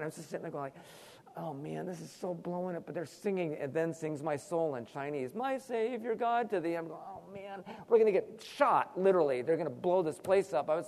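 A male pastor preaching a sermon, animated, with sudden emphatic rises and asides. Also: sits high, big-room sound.

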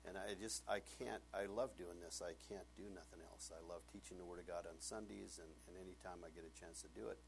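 A male pastor preaching a sermon, animated and laughing often, acting out bits of dialogue in changing voices. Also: low-pitched, quick pace, gravelly, hardly any pauses, slight background noise.

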